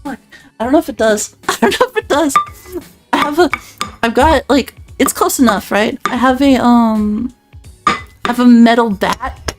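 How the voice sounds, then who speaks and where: A woman's voice: fairly high pitch, normal speed, long pauses. A woman streamer chatting casually with her viewers, giggly and flustered, swearing often, close to her mic with faint music behind.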